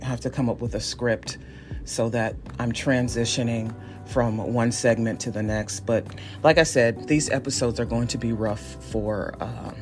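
With a bass voice that's a little mellow, a Northeast Ohio woman in her forties chats through a casual solo podcast monologue. She hosts the show herself, poking fun at herself and laughing a lot.

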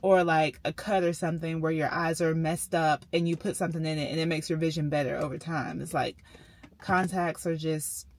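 A woman's voice: deep voice, steady tone, fairly quick. A woman, chatting casually to viewers in a vlog with lots of fillers and "y'all". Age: 30s. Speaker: vlogger.

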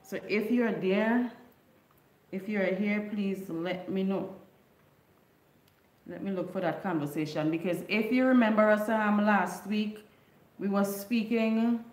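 A woman's voice: medium pitch, takes it slowly, pauses often, a little mellow, reverberant. A woman from a Caribbean island, hosting a casual livestream chat, greeting viewers by name and laughing often. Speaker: livestream host.

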